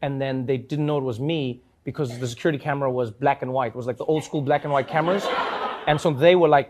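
A man with a South African accent telling comic stories to an audience, acting out voices with big jumps in pitch. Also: fast, noisy background. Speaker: talk show host. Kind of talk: storytelling to a live audience.

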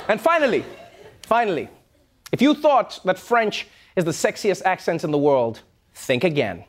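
A South African man hosting a late-night comedy show, delivering an animated, mocking monologue. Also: high voice. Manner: animated, mocking, quick asides. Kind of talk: stand-up monologue.

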